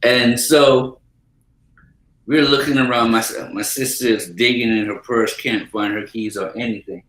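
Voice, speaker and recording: A podcast host with a medium-pitched voice tells a funny story at a measured pace, recorded with a roomy echo. He is an animated, casual storyteller who chuckles often as he goes.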